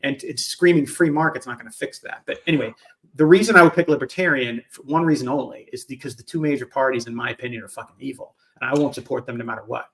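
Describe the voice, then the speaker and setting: A man's voice: mid-range voice, fast talker, a bit bright. A man co-hosting a casual podcast, talking bluntly and emphatically about politics, cursing freely. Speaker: podcast co-host.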